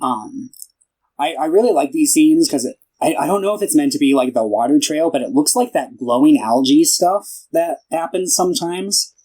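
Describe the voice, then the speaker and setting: A man's voice: a little high, lively intonation, moderate pace, mellow, rough recording. A young man co-hosting a casual film podcast, retelling a plot in a loose, rambling way and voicing the characters' lines himself. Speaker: podcast co-host.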